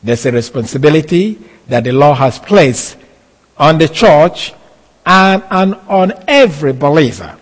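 A man delivers a Bible teaching at an unhurried, deliberate pace, his voice sitting a little high for a man. He leans on key phrases by saying them twice. His words ring out with a long reverb from the hall. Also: lively intonation. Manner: slow, deliberate, repeating key phrases for emphasis. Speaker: preacher. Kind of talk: expository sermon.

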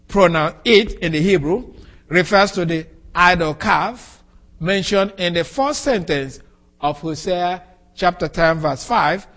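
Guy preaching slow and careful, fairly high voice, walks through the text bit by bit. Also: fairly bright tone. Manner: slow, deliberate, explanatory. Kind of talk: expository sermon.

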